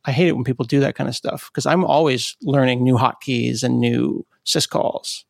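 A man's voice: medium pitch, moderate pace, vocal fry, dry recording, clean studio sound. A middle-aged man hosting a podcast interview, chatty, encouraging and enthusiastic. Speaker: podcast host. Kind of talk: casual interview chat.

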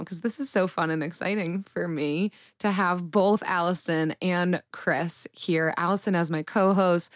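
A woman's voice: on the low side, dry recording, clean studio sound. A woman hosting a podcast interview over a video call, chatty and enthusiastic in a casual conversation. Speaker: podcast host. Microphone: remote video call.

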